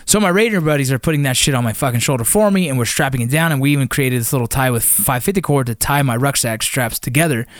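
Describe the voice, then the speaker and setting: A man's voice: medium pitch, no echo, studio quality. A man casually recounting his army ranger training, swearing freely and acting out the voices of others. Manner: profane, animated, acts out quoted voices. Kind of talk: casual spoken storytelling.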